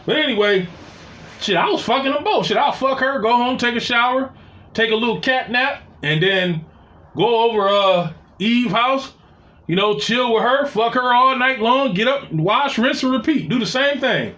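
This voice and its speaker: Male storyteller, 40s; profane and rambling, animated delivery, roomy echo. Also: very high-pitched, normal speed. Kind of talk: casual personal storytelling. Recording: echoey room.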